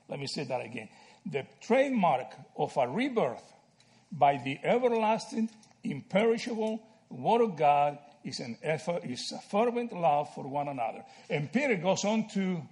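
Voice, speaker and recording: A man from Argentina teaching a Bible study, animated and checking in with "right?" and "okay?" as he explains. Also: a little high, moderate pace.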